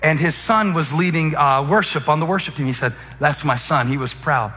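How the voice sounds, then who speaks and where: A male pastor tells a sermon story in a bright, forceful voice that sits a little high. He talks casually and with humor, and it rings through a long hall over faint music. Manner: humorous, conversational, with fillers and quick asides.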